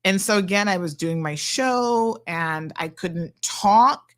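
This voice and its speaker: A middle-aged woman, hosting a talk show and telling a story in a chatty, animated way. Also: mid-range voice, takes it slowly. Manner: chatty and animated, acting out quoted people. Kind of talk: casual storytelling monologue.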